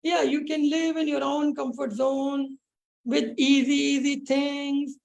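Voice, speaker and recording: A woman meditation teacher telling a spiritual teaching story on a support call, with many pauses, fillers and restarts. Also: sits high, little pitch movement, gravelly, a little mellow, rough recording.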